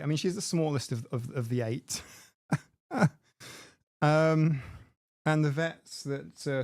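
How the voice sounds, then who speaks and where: A man's voice: on the high side, no room sound, clean studio sound. A man hosting a casual live stream, chatting in a rambling way and laughing at his own jokes. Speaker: livestream host. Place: home room. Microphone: desk mic with mixer.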